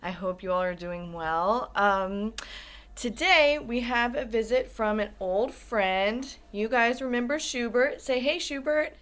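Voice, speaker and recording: A woman's voice: fairly high pitch, measured pace. A woman who is an elementary school guidance teacher, reading a picture book aloud to young children, asking them questions and encouraging them. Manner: warm, encouraging, asks the kids questions.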